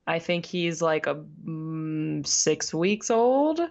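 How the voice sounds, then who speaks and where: A woman's voice: sits low, lively intonation, slow, a little mellow, highs cut off. A woman co-hosting a radio show, chatting casually and laughing often, sometimes stumbling over names. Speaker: podcast co-host. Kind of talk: casual sports chat.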